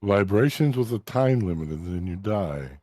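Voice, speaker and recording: A man running a tabletop game as game master, relaxed and quick to laugh. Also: fairly low pitch, no room sound, clean studio sound, faint music behind.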